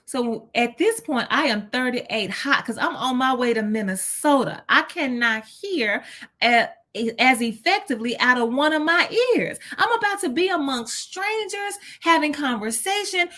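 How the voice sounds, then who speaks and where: A woman host recounts a personal story in an expressive, animated way. Her voice sits a little high and swings widely in pitch as she talks. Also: measured pace.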